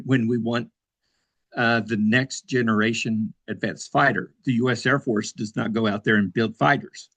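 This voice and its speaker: A man's voice: on the low side, fairly bright tone, dry recording, lo-fi sound. A man who served in the Air Force, talking casually as an interview guest, with many fillers and restarts.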